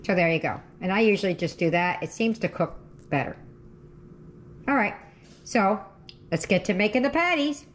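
A woman's voice: mid-range voice, expressive, moderate pace, pauses often, a little hiss or hum. Chatty woman cooking at home. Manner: chatty, self-correcting, talks while cooking. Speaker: cooking channel host. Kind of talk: casual cooking demo. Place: home kitchen. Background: frying and sizzling.

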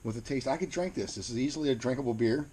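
A man with a Mid-Atlantic American accent reviewing beer in a casual video, plain-spoken and unhurried, repeating words as he searches for them. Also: medium pitch, background noise.

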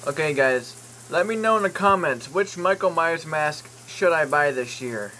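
Male vlogger, slightly higher pitch, bright forceful tone, joking, rambling, swears casually. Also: expressive, normal speed, a little hiss or hum, rough recording. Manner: rambling, jokey, swears, reads product listings aloud with asides. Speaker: YouTube vlogger. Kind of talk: casual vlog commentary while browsing online.

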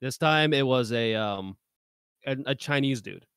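Smooth-voiced rambling guy, dry and close. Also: mid-range voice, a little slow, a bit bright, dry recording. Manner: rambling, many fillers like "you know" and "like". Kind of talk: casual podcast chat.

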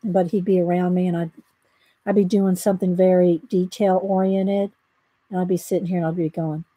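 Drawing in her home art room, a woman chats with livestream viewers, thinking aloud and addressing them directly. Her voice is fairly low, dark and flat with a breathy edge, moving fairly quickly. The audio is dry and rough.

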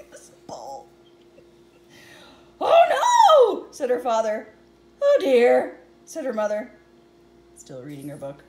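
A woman's voice: high-pitched, reverberant. A woman reading a picture book aloud, giggling often and adding chatty asides between pages.

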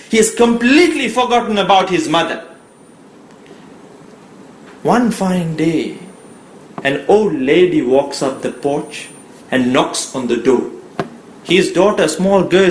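A man preacher telling a moral story in a sermon, dramatic, swinging between loud and hushed. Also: high-pitched, reverberant, a little hiss or hum, poor audio.

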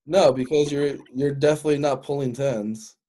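A man's voice: mid-range voice, steady tone, normal speed, mellow. A man around thirty hosting a casual crude podcast, teasing his guest with provocative questions. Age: 30s.

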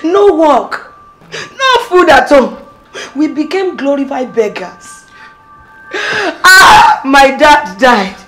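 A woman's voice: sits high, sing-song, drawn-out words, a bit bright, soft background music, heavily acted. An actress playing a despairing wife in her thirties who laments her hardships tearfully and says she is leaving, in a Christian film drama.

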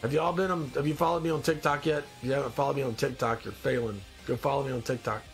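Reading viewer comments aloud, the stuffy-nosed host in a demon costume jokes and rambles through a casual live stream. His mid-range voice is creaky, fairly even in intonation and fast, with soft background music underneath.

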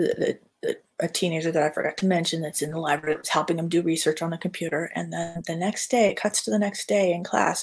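A woman's voice: fairly low pitch, husky. A woman artist casually chatting on a livestream, rambling with lots of fillers and restarts. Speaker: artist hosting a live chat.

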